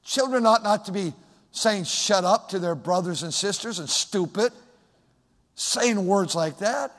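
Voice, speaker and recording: A man preaching a sermon in a high voice, his words ringing through a long hall reverb. He shifts from loud, urgent exhortation to hushed, gentle talk, like a pastor in full flow. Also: measured pace. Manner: preaching with strong swings from loud exhortation to soft, quiet talk.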